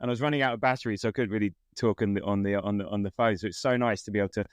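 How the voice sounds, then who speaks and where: A man's voice: fairly low pitch, steady tone, very fast, smooth, dry recording, studio quality. A middle-aged man co-hosting a casual fan podcast, laughing often and restarting his sentences. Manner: warm, laughing, hesitant restarts. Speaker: podcast co-host.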